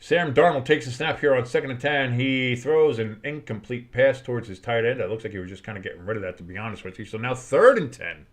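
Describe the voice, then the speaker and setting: A man giving casual live play-by-play and reaction to a football game, with a middle-pitched voice. He talks to his chat in a loose, blunt way, swears freely and now and then erupts into excited shouting. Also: fast talker, hardly any pauses. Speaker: play-by-play streamer.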